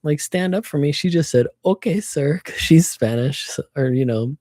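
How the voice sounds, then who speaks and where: Mellow-voiced woman telling a rambling story. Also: low voice, normal speed, no room sound, clean studio sound. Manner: animated storytelling, swears freely, acts out quotes. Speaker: livestreamer. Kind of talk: casual livestream chat.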